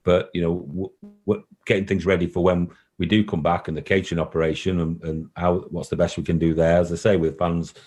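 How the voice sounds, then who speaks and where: A man's voice: low-pitched, little pitch movement, a little fast, hardly any pauses, a little mellow, soft background music. A man who runs a football club, answering interview questions in an earnest, repetitive way. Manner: earnest, repeats himself, emotional at times. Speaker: football club chief executive. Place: call recording.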